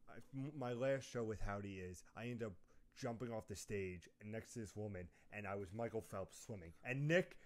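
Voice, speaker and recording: A young man telling lively stories in a casual chat, often laughing mid-sentence. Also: on the low side. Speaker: podcast co-host.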